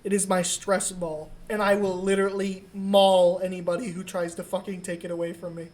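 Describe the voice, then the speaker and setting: A woman co-hosting a podcast, telling a comic story in a casual, profane and animated way. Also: on the low side, fairly quick. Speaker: podcast co-host.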